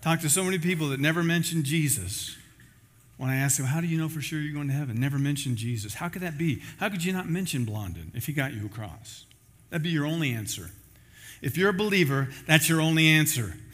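Man, pastor, sermon, storytelling, forceful bright voice, fairly high. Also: expressive, a little fast. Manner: storytelling, acting out quoted voices; ends in a spoken prayer.

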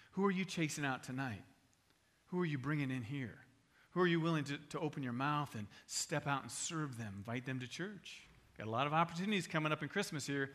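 Middle-aged male pastor, emphatic sermon delivery, bright forceful tone. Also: on the high side. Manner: emphatic preaching with rhetorical questions to the congregation.

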